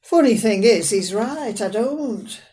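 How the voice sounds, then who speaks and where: Playing a fussy, proud elderly northern mother with a sharp tongue, a woman performs a dramatic monologue in a dry, plain-spoken way. Her fairly high voice is animated yet slow-paced, and the mood is wry.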